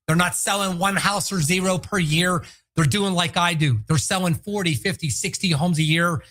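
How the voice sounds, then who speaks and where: High-pitched and bright, this man runs a one-man real estate show and pitches with salesy energy. He alternates rapid pushes with stretched-out emphasis and now and then bursts into shouted impressions, drawing on his work as an agent.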